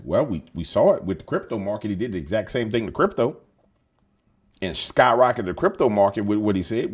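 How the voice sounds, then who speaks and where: A man's voice: on the low side, lively intonation, a little fast, slightly rough. A man hosting casual news commentary, slangy and emphatic, swearing and repeating himself as he rambles. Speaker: show host.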